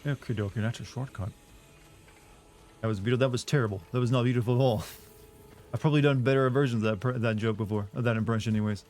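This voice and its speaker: A man's voice: medium pitch, quick pace, a little mellow, faint music behind. A young man from the American South with a subtle Southern US accent, chatting casually and self-deprecatingly as he streams a game. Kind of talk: casual gameplay commentary.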